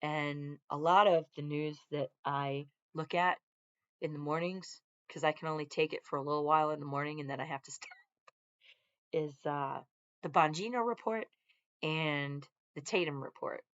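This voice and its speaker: A woman's voice: sits low, normal speed, muffled recording. A woman, a veteran, chatting casually on a home live stream from her living room, rambling and drifting off on tangents. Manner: rambling, easily sidetracked, talks to her dogs and viewers. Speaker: vlogger, military veteran.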